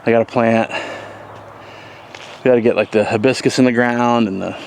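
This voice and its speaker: A man's voice: mid-range voice, unhurried, creaky, slight background noise. A man giving a casual, rambling tour of his homestead garden and animals, with plenty of fillers. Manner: relaxed, rambling, many fillers. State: has the hiccups. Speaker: homesteader vlogger. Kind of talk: casual walking tour commentary. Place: outdoors on a homestead.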